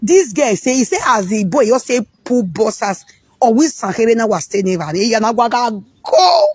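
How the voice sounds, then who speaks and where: A woman's voice: fairly high pitch, sing-song, normal speed, husky, dry recording. A woman with a Nigerian accent talking frankly in a casual monologue, rambling and repeating words mid-sentence.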